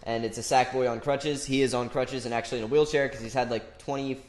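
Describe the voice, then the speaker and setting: A man's voice: mid-range voice, fairly even intonation, quick pace, a little mellow, roomy sound. A young man co-hosting a casual gaming podcast, talking chattily through a stuffy nose from a cold. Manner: nasal, chatty, fillers. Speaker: podcast co-host.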